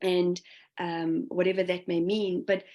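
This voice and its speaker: A woman's voice: fairly low pitch, flat delivery, unhurried, lo-fi sound. A woman guest talking in a reflective, casual way, full of fillers and quoted self-talk. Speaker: guest spirit medium. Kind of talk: casual interview conversation.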